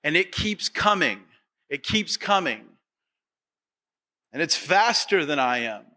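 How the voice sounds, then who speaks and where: A male pastor preaches a sermon in a fairly high, pushed and bright voice, very animated yet taking things slowly. He repeatedly asks the congregation rhetorical questions and acts out their voices in quotation.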